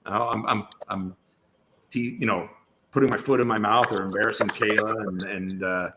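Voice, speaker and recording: A man's voice: fairly low pitch, fairly even intonation, normal speed, noisy background. A man, a guest actor on a podcast, chatting casually and telling long stories full of restarts. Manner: rambling storyteller, many restarts. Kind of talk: casual interview chat.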